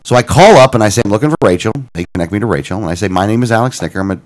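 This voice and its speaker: Animated man retelling a phone call. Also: lowish voice, racing. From Florida. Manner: animated, retelling phone calls with quoted dialogue and self-corrections. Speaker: radio show co-host. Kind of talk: casual talk-show storytelling.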